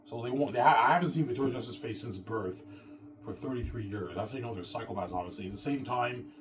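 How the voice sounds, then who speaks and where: A man's voice: lowish voice, fast, recorded from a distance, over music, poor audio. A man ranting in a rambling, agitated monologue, cursing and repeating himself. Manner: agitated, profane and repetitive, ends phrases with "man".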